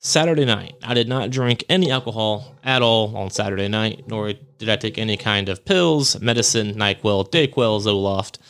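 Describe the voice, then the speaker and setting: A man's voice: on the low side, normal speed, few pauses, a bit bright. A man hosting a podcast, telling a personal ghost story in a rambling, self-correcting way and chuckling at himself. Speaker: podcast host. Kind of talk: casual storytelling monologue.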